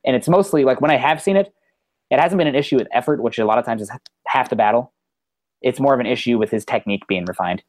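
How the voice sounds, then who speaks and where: Fast-talking man analyzing draft prospects. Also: medium pitch, dry recording. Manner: quick, assured analysis with fillers. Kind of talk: casual sports podcast chat.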